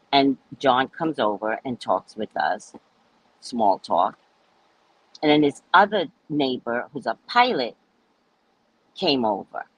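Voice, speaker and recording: A woman host telling her viewers a story in a casual, animated way, cursing freely and acting out what people said. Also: very deep voice, breathy edge, poor audio. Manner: animated, profane, acts out quoted people. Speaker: psychic reader and host.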